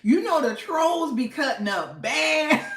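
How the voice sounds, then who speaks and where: A woman hosts a casual live stream, chatting with her viewers in a playful, talkative way. Her pitch swings up and down with plenty of life. The room around her rings with a noticeable echo. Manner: chatty and playful, laughs often, talks back to the chat. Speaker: livestream host.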